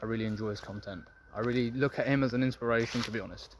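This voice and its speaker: Young man, casual vlog monologue, profane, preachy, average pitch, faint noise behind. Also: fairly even intonation, very fast. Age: young adult. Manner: blunt, profane, preachy, addresses viewers as gentlemen. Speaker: men's self-improvement vlogger.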